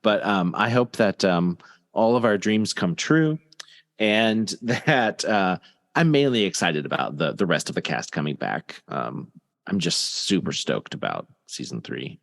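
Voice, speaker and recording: A man's voice: sits low, unhurried, gravelly, big-room sound. A man hosting a podcast, chatting casually, often laughing and filling gaps with ums. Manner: laughs often, fillers, animated. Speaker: podcast host. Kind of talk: casual chat.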